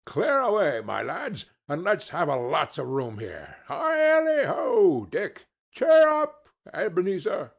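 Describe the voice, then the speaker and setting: A man voicing a jovial, stout old merchant who calls out heartily, in a slow, husky audiobook reading. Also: high-pitched, huge pitch swings, voice pushed up, exaggerated voice. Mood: rousing. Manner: hearty, shouting, laughing.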